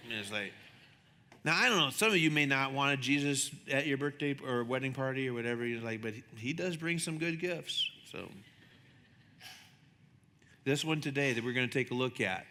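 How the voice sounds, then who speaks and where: A man preaching a sermon as a pastor, chatty and animated, acting out the voices in his stories. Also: fairly quick. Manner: conversational, animated, acts out dialogue with shifting pitch. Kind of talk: sermon with storytelling. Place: church sanctuary. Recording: long hall reverb.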